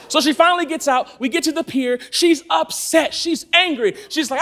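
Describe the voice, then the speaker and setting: A man's voice: very high voice, moderate pace, hardly any pauses. A man in his thirties from Los Angeles, preaching to a congregation and telling a story with frequent laughter. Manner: animated storytelling, laughing often. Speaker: church speaker. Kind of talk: sermon. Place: church in front of a congregation.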